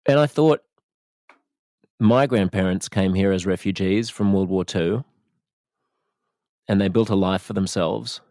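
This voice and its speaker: A man's voice: sits low, steady tone, unhurried, a little mellow, no room sound, clean studio sound. A man with an Australian accent, a radio host giving earnest, reflective commentary. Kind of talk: spoken commentary.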